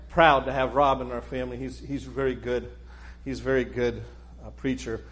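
A man's voice: medium pitch, fairly bright tone. A middle-aged man preaching in a church, talking casually and rambling with frequent restarts. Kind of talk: casual introductory sermon talk.

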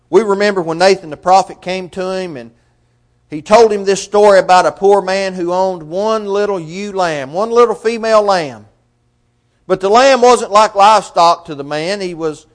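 High-voiced preacher asking rhetorical questions. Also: male voice. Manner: rhetorical questions, swells loud then drops soft. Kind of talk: sermon.

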